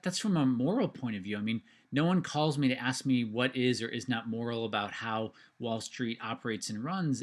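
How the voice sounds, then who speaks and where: Host type, man, casual monologue, earnest, meandering, lots of ums and restarts. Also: mid-range voice. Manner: earnest, rambling, many fillers and restarts.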